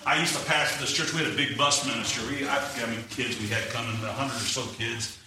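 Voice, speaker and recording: A man's voice: mid-range voice, fast talker. A man preaching a sermon, telling personal stories and acting out the voices of the people in them. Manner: animated, acts out quoted voices. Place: church sanctuary. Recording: echoey hall, mic far off, faint noise.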